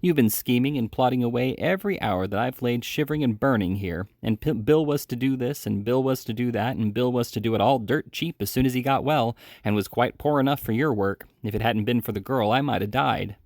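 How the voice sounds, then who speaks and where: A man's voice: mid-range voice, brisk, hardly any pauses, darkish tone, no echo, studio quality, natural voice. A man reading aloud as a sick, bitter male housebreaker who growls his resentful demands. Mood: surly.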